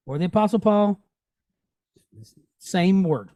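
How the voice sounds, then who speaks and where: A man's voice: high voice, lively intonation, a little slow, pauses often, dark tone, no echo. A man teaching a Hebrew class, patiently drilling sounds and checking that students follow. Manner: patient, checks understanding often; drills pronunciation aloud.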